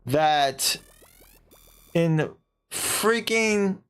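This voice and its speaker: A man's voice: on the high side, animated, extremely slow, a bit bright, faint music behind. A man streaming a video game, chatting casually and mocking himself, now and then slipping into silly put-on voices. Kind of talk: casual let's-play chat.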